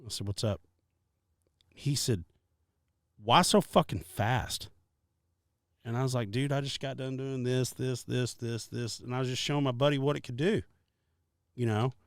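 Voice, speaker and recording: A podcast co-host of medium pitch spins a casual story at a moderate pace, cursing liberally and voicing each person's lines with animation. The audio is clean studio sound, free of any room noise.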